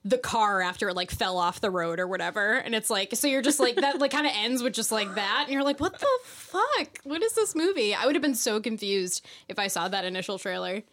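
A woman's voice: mid-range voice, fast talker, few pauses, fairly bright tone. A woman co-hosting a casual chat, describing a trailer and filling every phrase with "like". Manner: says "like" constantly, upspeak-ish. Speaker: podcast co-host.

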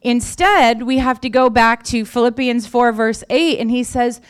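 A woman's voice: on the high side, moderate pace, hardly any pauses, smooth. A woman pastor giving a sermon in a conversational way, repeating key phrases for emphasis.

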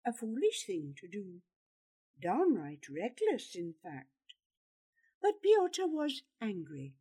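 Woman narrator, storybook reading, dark voice, lively pitch. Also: slow pace, slightly rough. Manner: expressive, dramatic reading. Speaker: storybook reader.

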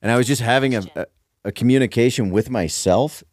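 A man's voice: medium pitch, a little fast, no room sound, clean studio sound. A man co-hosting a casual comedy podcast, joking around and slipping into a mock announcer voice. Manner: playful, breaks into mock ad-announcer voice. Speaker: podcast co-host.

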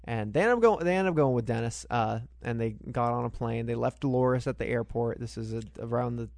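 A man's voice: medium pitch, a little fast, creaky, a little mellow, no room sound, clean studio sound. A man co-hosting a podcast, casually recapping a film scene by scene and often restarting his sentences. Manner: rambling retelling with frequent restarts. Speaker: podcast co-host. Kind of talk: casual movie recap chat.

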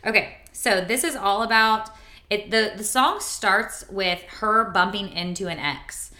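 Chatty woman podcaster, bright and roomy. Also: mid-range voice, measured pace. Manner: chatty, storytelling, reads lyrics aloud. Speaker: podcast co-host. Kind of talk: casual chat about songs.

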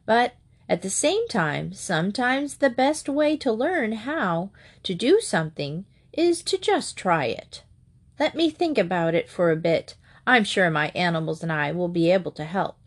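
A woman's voice: medium pitch, lively intonation, unhurried. Cheerful, reassuring old lady from a storybook, voiced by a woman reading aloud. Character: kind elderly woman who helps children.

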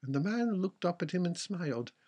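A man narrates an old folk tale in a measured, old-fashioned way. His voice is husky and sits slightly high. He tells the story at an even pace. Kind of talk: storybook reading.

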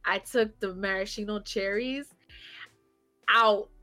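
A woman's voice: medium pitch, slow pace, soft background music. Swearing, laughing woman telling a story. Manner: animated, swearing, laughs through her story. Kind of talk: casual storytelling chat.

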